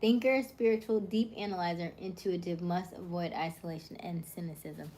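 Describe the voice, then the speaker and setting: A woman's voice: fairly low pitch, steady tone, normal speed, mellow. A woman hosting a casual livestream, reading viewers' comments and rattling off personality traits in short, upbeat lists. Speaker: livestream host.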